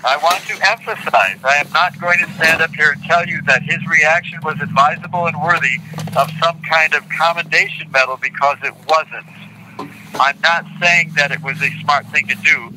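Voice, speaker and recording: An older man being interviewed, reading court transcript quotes aloud in a deliberate, indignant way and repeating lines for emphasis. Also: a little high, bright, forceful tone, slight background noise, rough recording. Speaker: interview guest.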